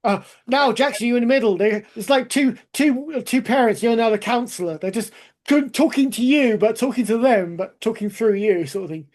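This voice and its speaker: A woman at a tabletop game table, dropping short remarks into the conversation. Her turns are brief and quick. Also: on the high side, darkish tone.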